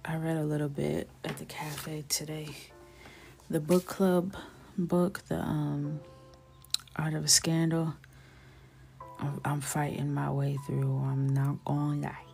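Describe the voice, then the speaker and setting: A woman hosts a relaxed live stream, chatting as she colors. She speaks softly, often dropping into a half-whisper, and laughs easily. Her voice sits low with a gravelly fry, and faint music plays underneath. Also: slow pace, long pauses. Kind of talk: casual chat while coloring on a live stream.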